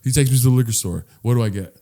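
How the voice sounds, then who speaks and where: Young male podcast co-host, giggly and rambling, average pitch, telling joke bits. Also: racing, mellow. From United States. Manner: laughs often, rambling bits with quoted voices. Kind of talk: casual comedic chat.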